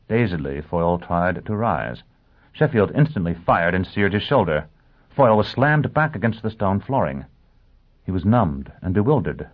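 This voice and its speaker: A man's voice: deep voice, very animated, moderate pace. Man narrating a dramatic audiobook. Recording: tinny phone-like band.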